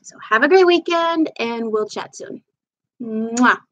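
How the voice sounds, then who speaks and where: A woman's voice: sits high, expressive, moderate pace, a bit bright, lo-fi sound. Chatty woman doing makeup live. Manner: chatty and meandering, talks while applying makeup. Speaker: livestream host. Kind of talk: casual live makeup chat. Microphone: camera mic on a live stream.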